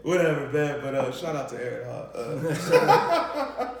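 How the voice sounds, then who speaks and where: Animated, laughing male comedian telling stories. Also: on the high side, unhurried, vocal fry. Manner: animated, laughing, profane, acting out quotes. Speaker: comedian and show host. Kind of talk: casual comic storytelling. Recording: echoey room, mic at a distance.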